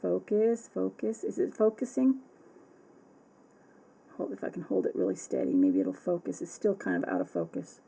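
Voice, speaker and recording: A bubbly, excitable woman chatting casually as she unboxes art supplies, often apologizing. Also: medium pitch, normal speed, creaky, slightly rough, rough recording. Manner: reads product text aloud.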